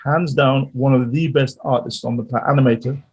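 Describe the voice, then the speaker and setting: Male guest musician, rambling storyteller, mid-pitched voice. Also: fairly even intonation, fairly quick, husky. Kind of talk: casual interview chat.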